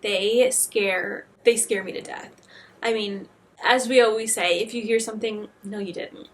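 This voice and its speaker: A woman's voice: mid-range voice, fairly even intonation, unhurried. A woman hosting a video compilation, giving earnest commentary to her viewers between clips. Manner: earnest, talks directly to viewers. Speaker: host.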